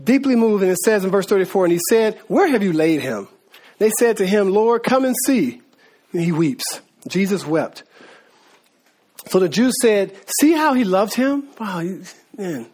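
A man's voice: sits high, big pitch swings, moderate pace, a little mellow. A man giving a conversational Bible teaching, talking informally with slang and calling his listeners guys, and acting out voices from the story. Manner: acts out voices of biblical figures. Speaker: preacher.

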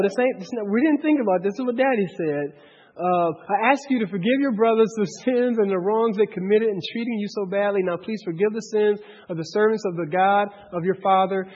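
A man leading a Bible study, talking in an animated way, with many restarts and rhetorical questions. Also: sits high, husky. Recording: dull, echoey hall recording.

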